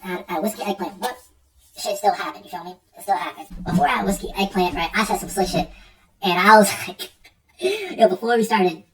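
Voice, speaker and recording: Fast-talking young man telling a story. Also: sits high, fairly bright tone. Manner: rambling, slangy, profane, repeats himself. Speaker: streamer. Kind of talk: casual storytelling. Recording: distant mic with faint music.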